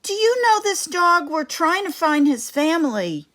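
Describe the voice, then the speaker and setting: An eager young storybook girl calls out in a bright, high voice, as a woman reader puts her on. She talks slowly and swings her pitch up and down. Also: sing-song, exaggerated voice. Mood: excited. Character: excited young girl, dog's owner. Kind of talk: children's storybook reading.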